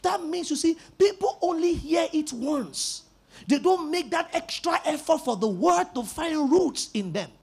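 A pastor preaching a sermon in an emphatic style, repeating key words and rising into shouts. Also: male voice, extremely high pitch, expressive, measured pace, creaky.

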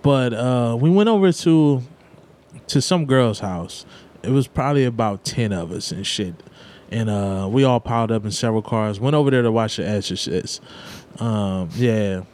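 A man telling a story in casual talk, animated and profane, jumping into high voices for his friends. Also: normal speed.

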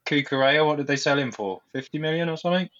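A man's voice: on the high side, rapid-fire, a bit bright. Guy rambling about footy on a podcast, fixes himself mid sentence, kinda muffled lo-fi sound. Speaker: podcast guest. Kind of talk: casual chat. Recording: dull lo-fi sound.

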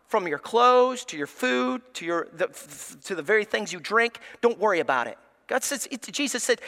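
A male pastor preaching in a church with an unusually high, bright voice. He is emphatic and speaks straight to the congregation, and his voice trails off into a long reverb in the sanctuary. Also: sing-song, moderate pace. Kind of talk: sermon.

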